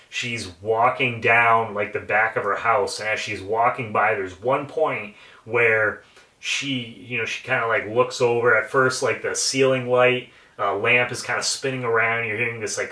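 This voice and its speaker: A man talks through a film's plot in a casual, excited review, cursing now and then. His voice is bright and forceful. He sits a little back from the mic in a room with a noticeable echo. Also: mid-range voice, distant mic. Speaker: movie reviewer. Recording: roomy echo, a bit off the mic.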